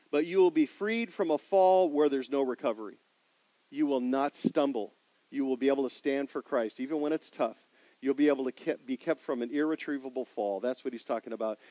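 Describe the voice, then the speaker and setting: A middle-aged man preaching in a church sanctuary, asking the congregation questions and swinging between loud emphasis and quiet asides. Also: on the high side, dry recording, rough recording. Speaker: pastor. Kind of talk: sermon.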